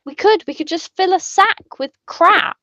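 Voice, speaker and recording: High-voiced excitable woman player. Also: no room sound. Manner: excitable, quick to jump in. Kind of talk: casual tabletop chat.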